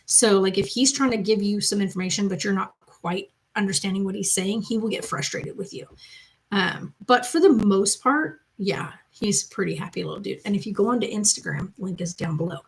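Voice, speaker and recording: A woman's voice: medium pitch, a little fast, poor audio. A woman hosting her channel from the loft of her home, chatting casually and rambling as she answers viewer comments. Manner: chatty, rambling, loose storytelling. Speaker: mother and channel host.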